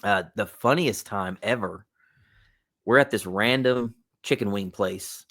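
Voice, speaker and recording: A man, a podcast guest, telling a funny story in a relaxed, chatty way, with plenty of "like" and "uh". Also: lowish voice, a little slow. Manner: relaxed, chatty, with lots of fillers like "like" and "uh". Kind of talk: casual storytelling.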